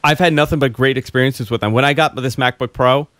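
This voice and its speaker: A man's voice: medium pitch, fast talker, dry recording. A man co-hosting a casual tech podcast, telling stories with animation and acting out what others said. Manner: animated storyteller, acts out other people's lines. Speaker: podcast co-host. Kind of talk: casual chat.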